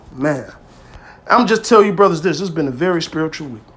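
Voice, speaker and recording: A man preaching informally to his brothers, with emphatic, street-style speech that swings between loud exhortation and quiet, low asides. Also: animated, moderate pace. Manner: emphatic and streetwise, peppered with "man" and "hey", swearing freely. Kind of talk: informal scripture teaching.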